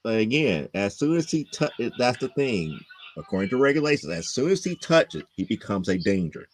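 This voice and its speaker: A man in casual podcast chat who explains his point haltingly and often restarts his sentences. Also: on the low side, sing-song, a little hiss or hum. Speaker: podcast co-host. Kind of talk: casual conversation.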